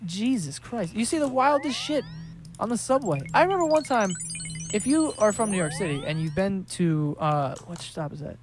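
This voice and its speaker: A man's voice: sits high, animated, normal speed, faint music behind. A man casually telling a story while playing a game, laughing often and swearing freely. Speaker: gaming streamer.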